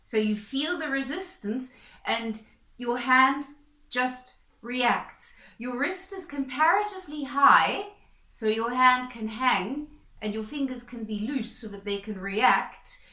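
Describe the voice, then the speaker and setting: A woman with a bright, clear, fairly high voice teaches violin bowing technique. She explains calmly and patiently, step by step. The sound is roomy and echoey. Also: slow. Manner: calm, patient, step-by-step coaching. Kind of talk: instructional explanation. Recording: echoey room. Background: violin playing between explanations.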